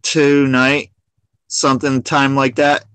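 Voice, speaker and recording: A man's voice: medium pitch, flat delivery, slow, fairly bright tone, smooth, no room sound, poor audio. A man chatting casually on a livestream, rambling with many restarts and frequent laughs. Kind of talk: casual chat.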